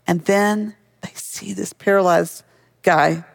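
High-voiced gravelly preacher. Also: male voice, flat delivery, unhurried. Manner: conversational, asks the listeners questions. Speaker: pastor. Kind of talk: sermon.

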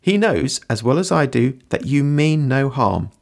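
A man's voice: medium pitch, sing-song, a little slow, vocal fry, heavily acted. A man reading aloud and voicing a kind young male hobbit, reassuring and mildly firm.

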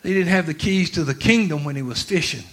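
A man preaching a sermon, dropping to quiet talk and then rising to shouts with laughter. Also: a little high, expressive, fast. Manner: swings from quiet to shouting, laughing through lines.

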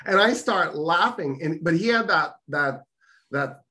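A man's voice: a little high, lively intonation, measured pace, sharp tone. Profane, sarcastic man telling a story. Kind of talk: casual storytelling chat.

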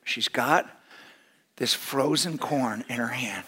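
A middle-aged man telling a humorous story to an audience, lively and full of restarts. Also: slow, slightly rough. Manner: animated, with big swings in pitch and loudness; repeats and restarts phrases as he talks.

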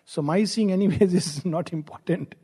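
A man giving a spiritual discourse, reflective and gently humorous, posing rhetorical questions to his listeners. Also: high-pitched, moderate pace, breathy edge. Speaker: spiritual teacher.

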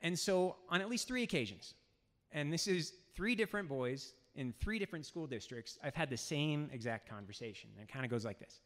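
A man, a high school teacher, telling a humorous personal story on stage and acting out the dialogue. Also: lively intonation, brisk, fairly bright tone. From United States. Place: event stage in a hall. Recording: hall reverb.

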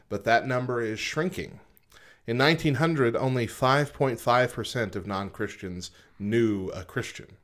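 A man co-hosting a casual podcast, reading statistics from a list with frequent pauses and adding informal comments. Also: medium pitch, a bit bright. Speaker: podcast co-host.

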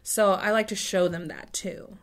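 A woman's voice: medium pitch, steady tone, moderate pace. A woman co-hosting a podcast, chatting casually, laughing often and trailing off mid-thought. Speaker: podcast co-host. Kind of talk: casual chat.

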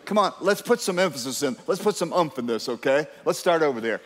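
A man's voice: fairly high pitch, fairly quick, hardly any pauses, big-room sound. A middle-aged man preaching a sermon as pastor, emphatic and urging his congregation to respond. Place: church.

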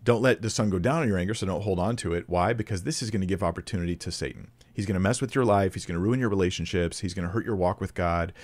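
Slightly low-voiced man teaching the Bible. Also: fast, hardly any pauses, darkish tone. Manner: conversational, thinking aloud with fillers and restarts; reads scripture with rising emphasis. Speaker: preacher.

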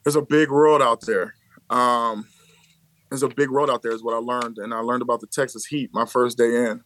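A man's voice: medium pitch, normal speed. A man in his thirties from the Chicago area, a baseball coach telling stories as a podcast guest, laughing often and acting out quoted lines. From Chicago area, USA. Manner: animated storyteller who laughs often and acts out quotes. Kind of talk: casual conversational storytelling.

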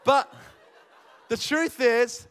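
A young man preaching a sermon with lively energy, telling stories and acting out the conversations in them. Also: extremely high pitch, extremely slow, clear, resonant tone, some chatter behind. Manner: energetic storytelling preacher, acts out dialogue. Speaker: pastor.

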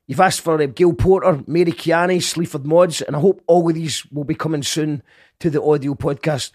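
A man with a slightly raised, husky voice talks straight to his podcast listeners. He stumbles and restarts often but stays earnest. The sound is dry and close. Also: on the high side, steady tone, normal speed, a little mellow, no echo. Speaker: podcast host. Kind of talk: casual chat to listeners.

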